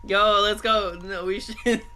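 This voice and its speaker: A man co-hosting a casual online panel chat, tossing in quick slangy quips. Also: high voice, fairly even intonation, sharp tone, a little hiss or hum, poor audio. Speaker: podcast co-host.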